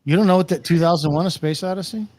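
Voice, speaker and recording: A man, a police officer and co-host, chiming in with quick questions and banter. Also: fairly high pitch, a little mellow. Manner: quick interjections and laughs. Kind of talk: casual banter.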